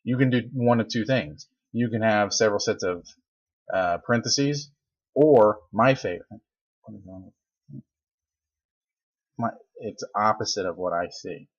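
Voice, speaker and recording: Joking teacher in a lo-fi lecture video. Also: male voice, fairly low pitch, normal speed. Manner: animated, joking, exasperated asides. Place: at a desk. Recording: dull lo-fi recording.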